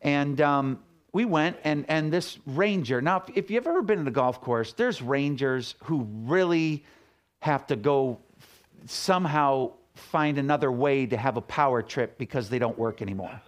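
A man's voice: mid-range voice, normal speed. Conversational middle-aged male pastor. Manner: conversational, storytelling with acted quotes. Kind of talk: sermon.

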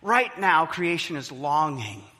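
A man preaching a sermon as pastor, lively, sometimes acting out the voices of people in his stories. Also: on the high side, slow. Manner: animated preaching, acts out quoted voices. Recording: long hall reverb.

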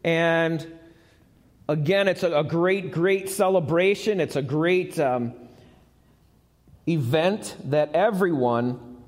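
Slow, high-voiced preacher in a reverberant church. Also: male voice. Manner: conversational, asks the congregation questions. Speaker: pastor. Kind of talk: sermon. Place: church sanctuary, recorded live. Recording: long church hall reverb.

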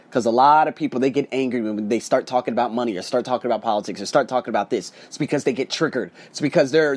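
A man talking to his viewers about money and investing in a rambling, conversational way, slowing down for emphasis. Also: sits high, dry recording. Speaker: motivational vlogger. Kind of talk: casual talk to camera.

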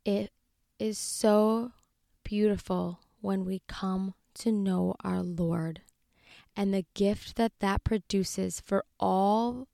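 A woman's voice: mid-range voice, steady tone, slow, vocal fry, dark tone, no room sound, studio quality. A woman in her thirties hosting a faith podcast, telling a personal story in an earnest, heartfelt, tender way. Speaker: podcast host.

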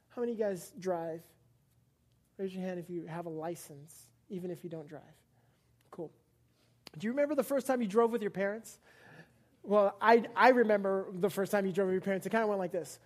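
This young female preacher speaks in a mid-range, darkish voice. Standing before a live congregation at a church service, she keeps the sermon light and playful, bantering with listeners, laughing a lot and acting out small scenes.

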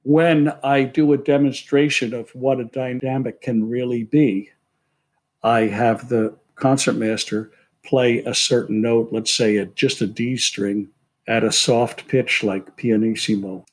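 A man's voice: medium pitch, steady tone, slow. A man who conducts orchestras, telling stories from rehearsals in an anecdotal way and laughing easily. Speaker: orchestra conductor, interview guest. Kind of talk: storytelling interview.

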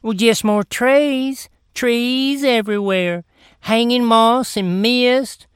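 Smooth-voiced woman spinning a tall tale. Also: on the high side, slow pace, no room sound, studio quality. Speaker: comic storyteller. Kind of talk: folksy comedic storytelling.

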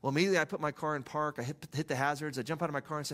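Soft-spoken pastor, storytelling. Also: male voice, on the high side, steady tone, racing. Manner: conversational storytelling, soft and hushed at times. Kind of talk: sermon.

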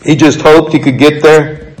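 A man preaching a sermon, reading scripture passages aloud and explaining them in an earnest, conversational way, slowing down to stress key points. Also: fairly high pitch, level tone, poor audio. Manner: earnest, conversational, slows for emphasis.

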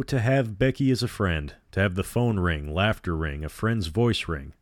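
A man with a very low voice reads a horror novel aloud in a measured, even storytelling manner. The sound is close and dry, with no room around it. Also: dry recording. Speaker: podcast storyteller. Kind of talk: scripted narration of a horror novel.

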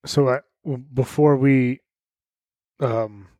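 A man co-hosting a casual podcast, swearing and trading quick stories. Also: mid-range voice, fairly even intonation, mellow, no room sound, studio quality. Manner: profane, quick banter. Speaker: podcast co-host. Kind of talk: casual chat.

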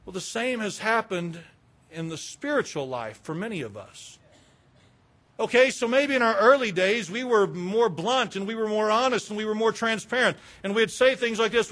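This middle-aged preacher from the American South has a high, fairly bright voice with lively intonation and a slightly slow pace. His sermon is candid and conversational, dotted with confessions.

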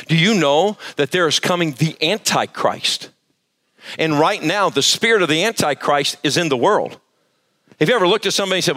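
A pastor preaching to a live church service, emphatic and quizzing the congregation for answers. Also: male voice, fairly high pitch, expressive, brisk, bright, forceful tone. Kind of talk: sermon.

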